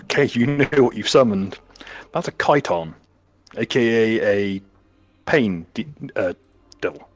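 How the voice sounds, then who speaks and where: A man's voice: lowish voice, animated, a little slow, pauses often, a little hiss or hum. A man narrating a tabletop game as game master, describing scenes with small restarts.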